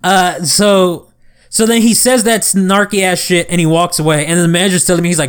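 High-voiced young man telling a story. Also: brisk, smooth. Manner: animated, profane storytelling. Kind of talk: casual chat.

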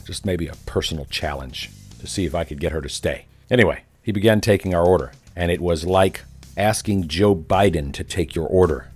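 A man's voice: deep voice, a little mellow, slightly rough. A man delivering a sarcastic, ranting monologue, telling a story as a commentator.

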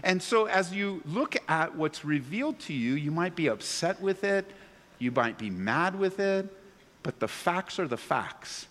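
A man preaching a sermon to a congregation, animated, swinging between loud excited bursts and low earnest tones. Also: measured pace. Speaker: pastor. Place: church sanctuary before a congregation. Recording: long reverb of a large hall.

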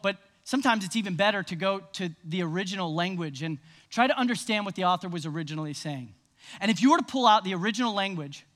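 A man preaching a sermon, energetic and conversational with the congregation. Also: sits high. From American South. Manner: energetic, conversational, crowd-rousing. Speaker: pastor.

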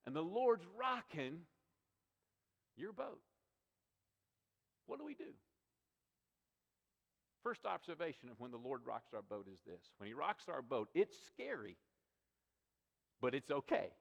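A man's voice: fairly high pitch, big pitch swings, unhurried, vocal fry, long pauses, fairly bright tone, highs cut off. A male pastor preaching a sermon, emphatic and repetitive, asking rhetorical questions of his congregation. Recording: long reverb of a large hall.

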